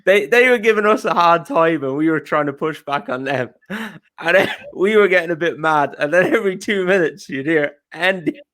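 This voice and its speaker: A chatty man co-hosting a casual podcast, often laughing as he tells a story. His voice sits a little high. He speaks in a relaxed, conversational way. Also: normal speed. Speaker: podcast co-host.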